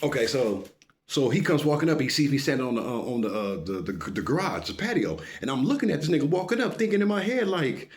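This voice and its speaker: Animated man telling a street story. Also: mid-range voice, fast. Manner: animated, profane, keeps saying "listen to me".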